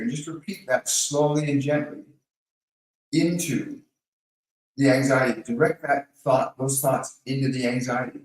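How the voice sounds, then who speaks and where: A man hosting a live question-and-answer stream, calmly coaching viewers by name and guiding them through slow breathing. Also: medium pitch, far from the mic. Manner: calm, coaching, speaks directly to viewers by name. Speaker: host of a live Q&A. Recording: very echoey room, voice off-mic.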